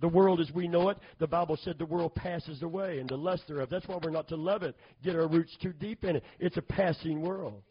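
A middle-aged man preaching a sermon, calling for amens and building to loud, fervent emphasis. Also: fairly high pitch, a little fast, hardly any pauses, slightly rough. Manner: call-and-response, asking for amens. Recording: dull lo-fi sermon recording.

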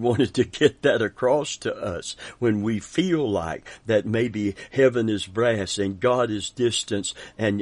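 Slow, low-voiced preaching man. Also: no echo. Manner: fervent preaching with frequent amens and chuckles. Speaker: pastor. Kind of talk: sermon.

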